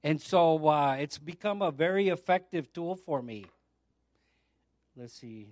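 A man's voice: on the high side, lively intonation, measured pace, a little mellow, no room sound. A middle-aged man preaching a sermon, telling a testimony and acting out the voices of the people in it. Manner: storytelling, acts out the voices in his anecdotes.

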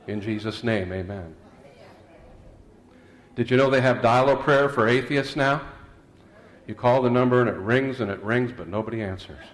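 A man's voice: mid-range voice, fairly even intonation, brisk, slight background noise. A man preaching a sermon as pastor, mixing scripture and prayer with folksy jokes and anecdotes, with some fillers and restarts.

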